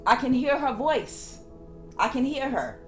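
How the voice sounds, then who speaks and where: A woman's voice: sits high, lively intonation, measured pace, faint music behind. A woman tarot reader giving a casual spiritual reading, repeating her phrases for emphasis.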